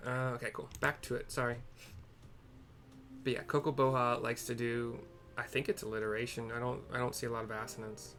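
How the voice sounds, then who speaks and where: A man narrates a game in a mid-pitched, chatty voice and corrects himself as he talks. Faint music plays behind him. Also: little pitch movement, a little fast, vocal fry, a bit bright. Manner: chatty, self-correcting asides.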